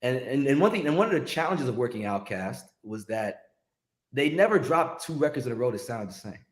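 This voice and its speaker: A man, a longtime record promotion rep, telling stories in a casual interview in an animated, slangy way. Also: mid-range voice, brisk, echoey room. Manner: animated, slangy, restarts when excited.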